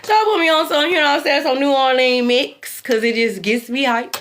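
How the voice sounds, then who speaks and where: A young adult woman telling a story casually to her viewers, animated and slangy, swearing freely and calling them y'all. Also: sits high, a little fast, a little hiss or hum. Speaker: intuitive tarot reader.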